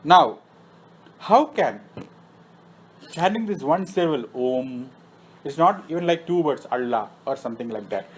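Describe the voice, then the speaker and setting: A man's voice: on the high side, lively intonation, unhurried, long pauses, a little hiss or hum, low-quality recording. A man lecturing on Vedic philosophy who recites Sanskrit terms and then explains them, often asking himself a question and answering it. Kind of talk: scripture lecture. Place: temple meeting room.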